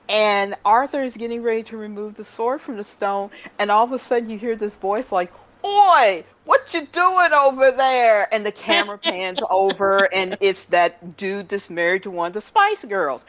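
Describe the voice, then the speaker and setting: A woman in a casual chat, retelling scenes with animated delivery. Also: mid-range voice, poor audio. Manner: animated storytelling with mimicked voices.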